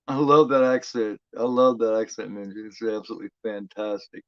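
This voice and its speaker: A man's voice: lowish voice, level tone, brisk, few pauses, dry recording, highs cut off. A man hosting a horror film watch-along, chatting in a rambling, profane way, full of "you know" fillers. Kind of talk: casual live commentary.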